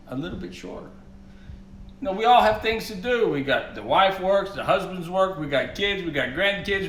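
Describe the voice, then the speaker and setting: Folksy Cajun man cooking, lively voice. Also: on the high side. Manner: folksy, joking storyteller. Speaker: cooking show host. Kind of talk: cooking video with storytelling. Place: home kitchen. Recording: echoey kitchen, faint background hum.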